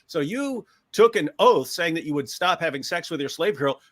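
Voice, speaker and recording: Man, host, commentary, sarcastic, animated, bright voice. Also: a little high, normal speed, few pauses. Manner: animated, sarcastic, acts out quotes. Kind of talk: critical commentary.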